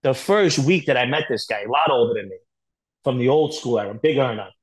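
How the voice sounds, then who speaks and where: Male guest, speaks fast, blunt and profane, rambling candid storyteller. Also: medium pitch, lively intonation, poor audio. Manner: rapid, blunt, profane, filler-heavy storytelling. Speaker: podcast guest.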